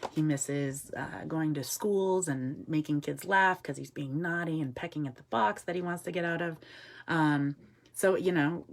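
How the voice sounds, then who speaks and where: A woman with a low voice gives a relaxed live talk as a wildlife educator, filling her sentences with ums. She answers viewers' comments and murmurs soft asides to the bird beside her. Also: a little slow, gravelly. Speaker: wildlife educator with an animal ambassador.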